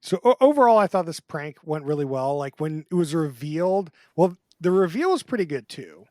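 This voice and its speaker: Male co-host, chatty and loose, mid-high voice, dry studio sound. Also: big pitch swings, fairly quick, darkish tone, dry recording. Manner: chatty, acts out quotes in put-on voices. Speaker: podcast co-host. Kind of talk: casual panel chat.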